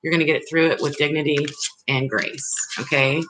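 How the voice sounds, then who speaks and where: A woman's voice: sits low, fairly even intonation, brisk, background noise. A woman giving live tarot readings, speaking directly and reassuringly to her viewers in a loose, rambling way. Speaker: tarot reader.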